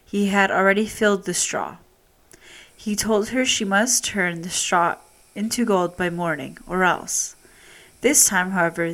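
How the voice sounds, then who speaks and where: A woman reading a fairy tale aloud, steady and expressive in her telling. Her voice sits a little low for a woman. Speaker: storyteller.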